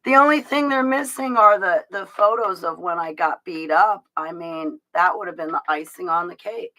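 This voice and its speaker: A woman's voice: fairly low pitch, normal speed, pushed and bright, poor audio. A woman hosting a casual livestream, rambling and confiding in her viewers, with restarts and laughs. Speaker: livestream host talking to her chat.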